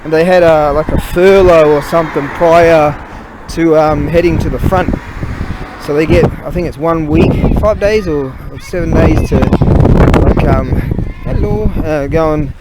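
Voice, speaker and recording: Man, slightly high voice, rambles and curses mid-story outdoors, heavy wind roar on the mic. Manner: halting, swears freely, loses his train of thought. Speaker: vlogger. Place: outdoors on a cold walk.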